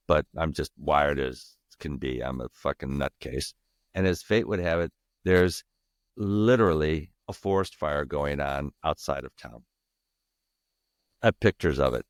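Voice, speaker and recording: Deep-voiced man telling a raw story. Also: clear, resonant tone, dry recording, studio quality. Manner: emphatic and raw, swearing, restarting sentences. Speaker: podcast guest. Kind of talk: candid personal storytelling in interview.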